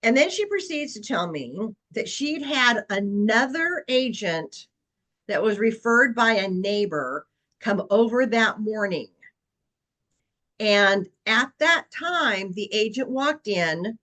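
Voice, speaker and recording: A woman's voice: mid-range voice, expressive, slow, a bit bright, rough recording. A woman real estate agent presenting a webinar session, telling a long client story in an earnest, anecdotal way with frequent fillers.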